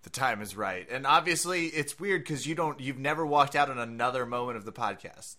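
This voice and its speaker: A man's voice: mid-range voice, fairly quick, crowd noise. A man co-hosting a podcast in casual chat, joking and laughing often. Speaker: podcast co-host.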